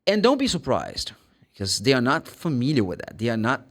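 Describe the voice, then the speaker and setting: A man's voice: medium pitch, huge pitch swings, a little fast. A man from Brazil with a Brazilian Portuguese accent, a Portuguese speaker teaching English pronunciation in a casual video lesson, repeating sounds and words to demonstrate them.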